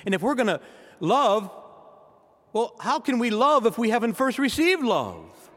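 A man's voice: very high-pitched, wildly swooping pitch, measured pace, fairly bright tone, long reverb tail. A man, a priest, preaching a sermon and speaking directly to his congregation in church.

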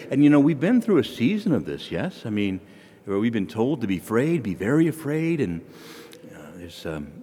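A man's voice: medium pitch, a little mellow, big-room sound. A male priest giving a sermon in a folksy storytelling manner, with homely asides.

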